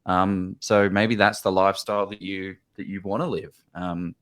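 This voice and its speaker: An easygoing Australian man co-hosts a casual podcast. His very low voice carries loose, agreeable talk. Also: steady tone, moderate pace, a bit bright. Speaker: podcast co-host.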